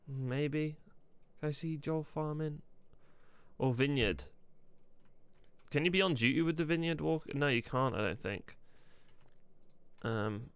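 A man's voice: mid-range voice, clean tone, dry recording. Rambling, swearing male streamer. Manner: rambling, swears freely, thinks aloud. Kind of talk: live-streamed roleplay gameplay chat.

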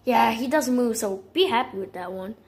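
A woman's voice: a little high, lively intonation, moderate pace, darkish tone. A woman voicing Lenny, a sulky male puppet who misses his lost dog, in a homemade puppet movie. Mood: glum.

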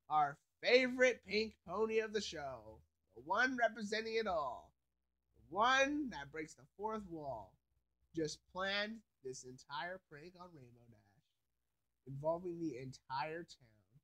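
Brief: sleepy man with a high voice, rambling casually through a cartoon review. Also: expressive, measured pace, bright, forceful tone. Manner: rambling, with many filler phrases. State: sleepy, yawning.

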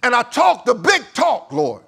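A man's voice: very high voice, huge pitch swings, unhurried, gravelly, pushed and bright, breathy edge, pitched above the performer's own voice, heavily acted. A man preaching, voicing a grieving apostle who pleads with God in a raised, crying-out voice. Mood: anguished.

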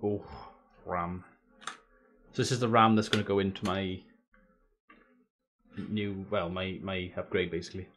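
A man's voice: deep voice, fairly even intonation, a little slow, pauses often, fairly bright tone, slight background noise. A man chatting casually on a gaming live stream. He jokes, swears freely and talks to his viewers as he goes.

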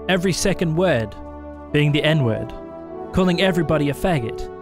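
A man's voice: on the high side, expressive, normal speed, over music. A man with an Australian accent, streaming a game and throwing out brash, profane trash talk. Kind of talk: gaming stream commentary.

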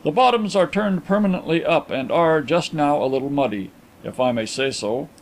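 A man's voice: on the high side, moderate pace, lightly acted, rough recording. A man voicing a deferential manservant in an audiobook, formal and precise, delivering an exact itemized report.

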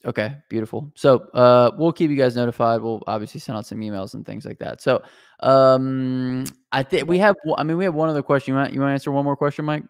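A man co-hosting a casual chat show, brisk and steering the conversation. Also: mid-range voice, steady tone, smooth, dry recording, studio quality. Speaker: show co-host.

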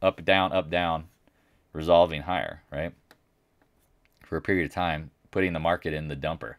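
A man's voice: extremely low pitch, fairly even intonation, normal speed, no room sound. A man hosting a casual market recap, talking bluntly and boastfully, with mocking asides. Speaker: market commentary host.

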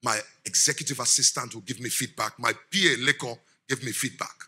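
A middle-aged man, giving a lively sermon as guest speaker, laughing often and quizzing the congregation. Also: mid-range voice, fairly quick, husky.

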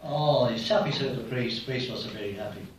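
A comedian tells jokes live on stage, rambling through stories and doing small voices for characters. His voice is mid-range and brisk. The live hall is echoey, the mic distant, with slight background noise.

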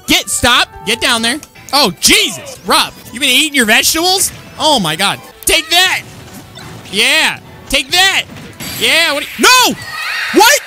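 High voiced woman doing gameplay commentary, swings all over, loud game music behind. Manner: excitable, yelling at the game, slangy. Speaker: gaming channel host.

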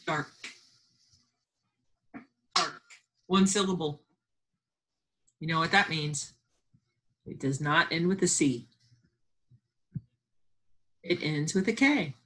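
A woman teacher leads a remote phonics and spelling lesson, slowly sounding out letters and words and encouraging students who aren't there. Her voice sits low and is slightly rough, with a bright, forceful tone.

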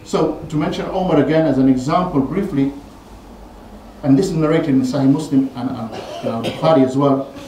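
A man giving a Friday sermon in a mosque, telling stories animatedly and rising in pitch and force when he quotes people. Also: normal speed, dark tone, a little hiss or hum. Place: mosque prayer hall. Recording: very echoey hall, voice from far off.

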